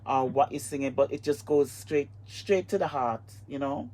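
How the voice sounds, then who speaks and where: A woman's voice: a bass voice, normal speed, mellow, a little hiss or hum. A woman hosting a live online interview, effusive and emotional, repeating herself as she talks. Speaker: host.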